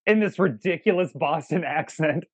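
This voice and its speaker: A man with a fairly high, slightly breathy voice speaks at a normal pace. He co-hosts a movie review show, chatting casually and praising his favorite lines with emphatic enthusiasm.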